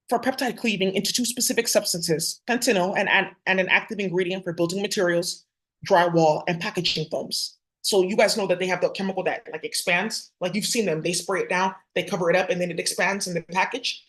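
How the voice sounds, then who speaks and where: A woman vlogger rants in a fast, confrontational torrent, swearing freely as she speaks straight to her viewers. Her voice sits at an ordinary middle pitch, but her pace never lets up. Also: fairly even intonation, a bit bright. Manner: rapid, profane, confrontational. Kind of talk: heated direct-to-camera rant.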